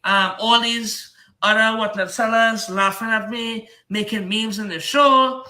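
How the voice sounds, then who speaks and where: A man's voice: high-pitched, steady tone, measured pace, bright, forceful tone, roomy sound. A man with a Trinidadian accent, a comic book seller giving a rambling, heated, repetitive defense of himself on his livestream.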